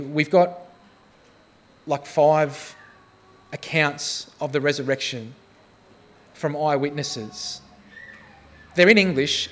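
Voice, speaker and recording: A man preaching a sermon with a slightly higher voice than most men. He tells self-deprecating stories with a humorous touch, then turns to earnest appeals to his listeners. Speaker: pastor.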